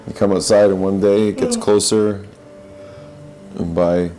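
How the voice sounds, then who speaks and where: Deep-voiced man giving earnest spiritual talk. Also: level tone, unhurried, over music, low-quality recording. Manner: earnest, searching, repeats and restarts phrases. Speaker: podcast host.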